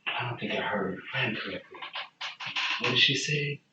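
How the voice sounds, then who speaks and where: Male GM doing a boastful drunk farmer, gruff, off-mic in an echoey room. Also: mid-range voice, moderate pace, very noisy, lightly acted. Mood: suspicious. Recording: echoey, distant, dull room recording.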